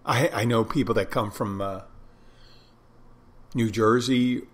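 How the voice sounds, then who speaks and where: A man with a medium-pitched, steady voice takes his time hosting a casual podcast alone. His talk is loose and wandering, full of digressions as he thinks aloud.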